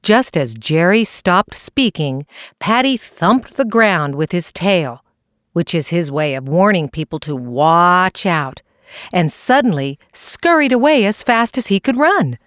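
A woman reading a children's animal story aloud in an expressive way. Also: on the low side, unhurried, dry recording, studio quality. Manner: lively, expressive. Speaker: narrator.

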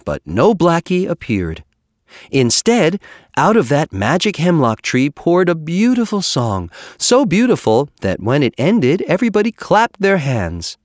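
A man reading a children's animal story aloud with an expressive, measured storytelling manner. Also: on the high side, no echo, studio quality. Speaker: narrator. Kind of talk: storybook narration.

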